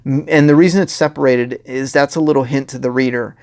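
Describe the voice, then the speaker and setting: A man's voice: medium pitch, fairly even intonation, a little fast, a little mellow. A man talking casually as a comic writer, walking through his pages in a rambling way, often laughing and acting out characters' lines. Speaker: comic writer giving commentary.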